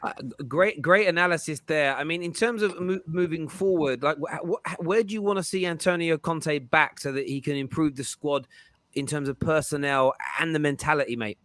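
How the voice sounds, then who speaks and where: A chatty man hosts a live fan show, stumbling over words and laughing often. His voice sits a little high and comes across bright and forceful. The sound is dry and close. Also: normal speed, no room sound. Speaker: host.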